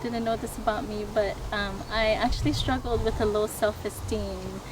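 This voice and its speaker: A woman guest sharing a personal story, speaking softly and hesitantly. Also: medium pitch, fairly even intonation. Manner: slow, soft-spoken, hesitant. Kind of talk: personal testimony. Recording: clear background noise.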